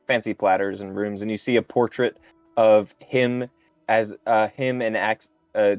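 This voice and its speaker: Halting male game master. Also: fairly low pitch, darkish tone, no room sound, muffled recording. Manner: halting, improvised description. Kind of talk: narrating a tabletop game.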